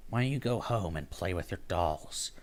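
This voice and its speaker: A man doing a hushed, scornful woman prosecutor. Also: expressive, normal speed, heavy background noise. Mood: cold. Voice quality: low and hushed. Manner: contemptuous, clipped. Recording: loud game music underneath.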